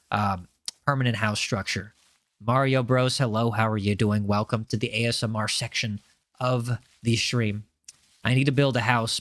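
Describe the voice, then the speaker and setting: Guy doing a deep soft asmr host voice, whispered role-play, slow and soothing. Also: no room sound, clean studio sound, lightly acted. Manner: slow, low and soft, testing his softness.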